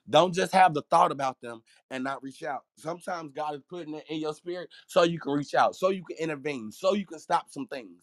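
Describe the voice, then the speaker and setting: A man's voice: on the high side, expressive, fairly quick, hardly any pauses, no room sound. A man hosting a faith podcast who preaches emphatically and laughs often, with a way of talking. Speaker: podcast host. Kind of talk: casual morning chat with preaching.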